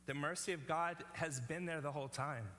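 A man's voice: a little high, normal speed, fairly bright tone, in a large hall, slight background noise. A male pastor preaching a sermon in an earnest, conversational way, often checking in with the congregation.

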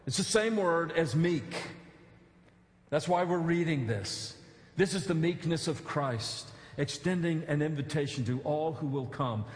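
A man's voice: fairly high pitch, unhurried. A man pastor preaching a sermon, earnest, with emphatic pleading appeals and casual asides. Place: church sanctuary. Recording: echoey church hall.

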